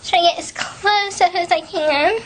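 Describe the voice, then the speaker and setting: A young woman in her twenties speaking into a self-recorded video, soft and hesitant, with many fillers and restarts and an earnest, devoted tone. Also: very high voice, moderate pace, slight background noise, rough recording. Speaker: person recording a private video message. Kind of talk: casual spoken video message. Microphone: self-recorded video camera.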